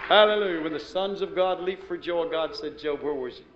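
A man preaching a fervent sermon that swings between hushed talk and shouted exclamations. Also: on the high side, fairly quick, a faint crowd, slight background noise. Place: church hall. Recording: muffled echoey church recording with music.

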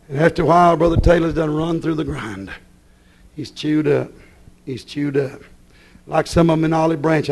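A man preaching a sermon, folksy and scolding, swinging between shouts and low, hushed asides.

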